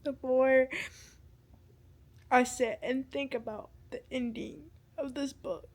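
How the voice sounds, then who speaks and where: A woman's voice: high voice, steady tone, slow, background noise. Chatty young woman reviewing books. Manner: rambling, full of "like" fillers; emotional, swings from irritated to teary. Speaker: book vlogger. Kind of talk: casual book review chat.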